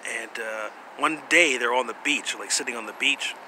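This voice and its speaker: A man vlogging in a rambling, casual monologue, halting often with pauses and asides. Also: mid-range voice, sharp tone, a little hiss or hum. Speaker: vlogger presenting jutsu.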